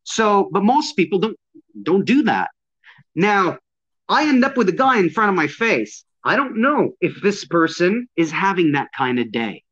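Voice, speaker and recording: A man's voice: high-pitched, sing-song, measured pace, a bit bright. A man who teaches de-escalation talks bluntly and emphatically in a casual conversation, swearing often. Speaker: de-escalation and self-defense instructor. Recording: dull lo-fi sound.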